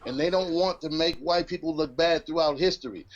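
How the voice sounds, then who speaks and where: An older man, a comedian guest, telling profane stories in casual podcast chat, laughing often and jumping into animated impressions. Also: on the high side, a little fast, background noise. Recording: dull lo-fi audio.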